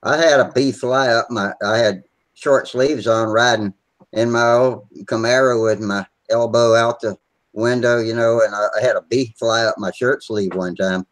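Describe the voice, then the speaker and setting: A man's voice: medium pitch, fairly even intonation, moderate pace, poor audio. A man chatting on a video call, telling rambling, salty stories and laughing easily. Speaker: regular on a hobby video hangout. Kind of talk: casual chat, swapping stories.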